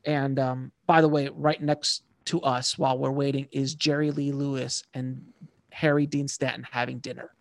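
A man telling animated, slangy stories as an author guest in a casual interview. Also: mid-range voice, moderate pace, creaky, dry recording, studio quality.

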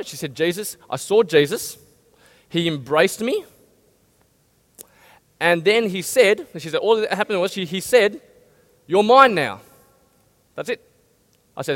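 A male pastor preaching a lively sermon and asking his listeners many questions. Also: high voice. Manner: animated, asks the audience many questions. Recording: long hall reverb.

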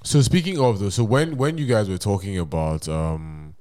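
A man's voice: lowish voice, moderate pace, mellow, no echo. A young man co-hosting a casual podcast, telling rambling stories and reading a message aloud, punctuation and all. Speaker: podcast co-host. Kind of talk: casual chat.

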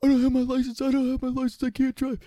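A man putting on a high, pleading voice for a panicked young male friend. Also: monotone, quick pace, dark tone, dry recording.

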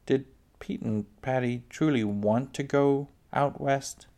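A man doing a high eager pioneer girl. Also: huge pitch swings, measured pace, creaky, breathy edge, heavily acted. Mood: timid. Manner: breathless and pleading. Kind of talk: reading a storybook aloud.

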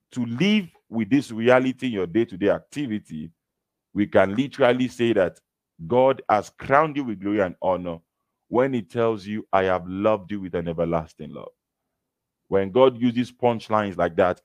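A man preaching a sermon, reading Bible verses slowly and with emphasis, then explaining them. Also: fairly low pitch, no echo. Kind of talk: sermon teaching from scripture.

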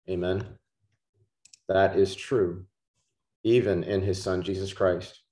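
Langsamer, tiefer Prediger mit Nachdruck. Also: male voice, low voice, a little mellow. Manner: slow, emphatic, repeats key words. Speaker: preacher. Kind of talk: sermon. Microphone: podcast microphone.

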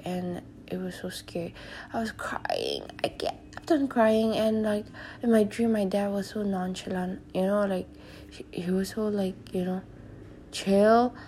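A young woman hosting a solo podcast, telling stories casually with many fillers and sometimes dropping to a soft whisper. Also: medium pitch, a little hiss or hum. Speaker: podcast host.

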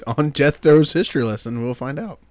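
A man's voice: medium pitch, moderate pace, no echo. A man with a Southern US accent, a podcast co-host telling stories in casual chat. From Southern United States. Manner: animated storyteller who acts out quotes.

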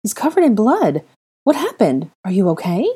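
A woman reading a clever, quick-tempered young woman in a fan fiction audiobook, her lines raised and exasperated. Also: medium pitch, sing-song, warm tone, voice pushed up. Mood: flustered. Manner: exasperated, demanding.

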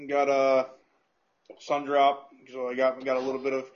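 A man's voice: medium pitch, moderate pace. Chill guy hosting, swears a bunch, dull lo-fi audio. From United States. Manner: relaxed, swears casually, easygoing questions. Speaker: podcast host. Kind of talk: casual chat.

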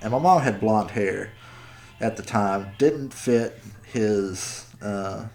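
A man talks casually on a podcast, his voice sitting fairly low. He swears freely and slips into quoted voices as he tells a story. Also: slow, a little mellow, faint music behind. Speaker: podcast co-host. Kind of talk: casual chat.

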